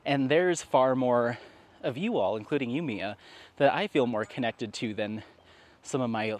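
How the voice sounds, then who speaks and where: A man's voice: mid-range voice, a little slow. A man chatting casually with viewers while walking his dog in a park, laughing often. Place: outdoors in a park.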